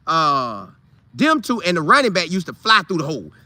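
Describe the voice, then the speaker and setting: A man telling a funny old football story casually, with loud sound effects and vivid retelling. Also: on the high side, huge pitch swings, moderate pace, no echo. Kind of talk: animated storytelling.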